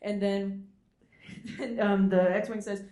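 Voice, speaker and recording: A woman's voice: mid-range voice, level tone, slow, mellow. A woman on a panel, telling a story with animation and frequent giggles, recorded live in a roomy space. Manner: giggly, breaks into laughter. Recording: roomy live room sound.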